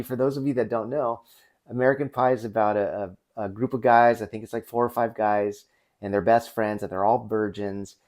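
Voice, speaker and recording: A man's voice: fairly low pitch, a little mellow. A man in his forties hosting a casual, unscripted movie review, rambling with frequent restarts. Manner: rambling, with many restarts and fillers.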